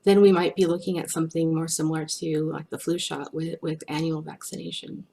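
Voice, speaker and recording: Woman, low pitch, webinar guest, hesitant, many restarts. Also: little pitch movement, brisk, gravelly, mellow. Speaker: research guest speaker. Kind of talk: webinar Q&A answers.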